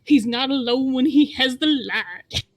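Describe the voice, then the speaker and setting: Winged male monk, cautious and steady, a woman doing his voice. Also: high-pitched, a little slow, no echo, voice pushed up. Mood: firm. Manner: guarded, put-on accent.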